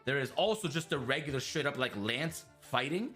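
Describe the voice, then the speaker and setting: A man running a tabletop game as game master, animated and laughing, with faint music behind. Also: medium pitch. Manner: animated, laughing, quick restarts.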